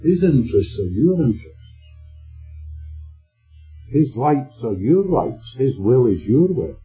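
A very animated man with a mid-range voice preaches slowly, leaving long pauses. His sermon is emphatic, and he checks in with listeners through questions. The dull lo-fi recording carries faint music.

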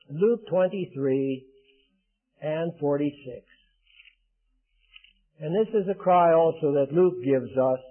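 An older man preaching a sermon in an earnest, emphatic way, building to loud declarations. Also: fairly high pitch. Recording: tinny phone-like band.

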